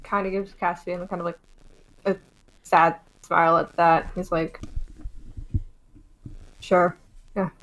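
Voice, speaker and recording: A woman player describing her character's actions in a tabletop game, unhurried and amused. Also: on the low side, flat delivery, fairly bright tone, slight background noise, rough recording.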